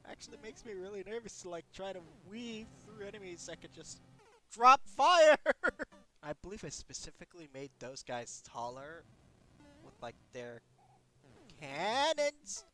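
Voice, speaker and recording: A man's voice: high voice, very animated, unhurried, sharp tone. A man streaming himself playing his own levels, yelping, screaming and laughing at each mishap. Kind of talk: let's-play reactions.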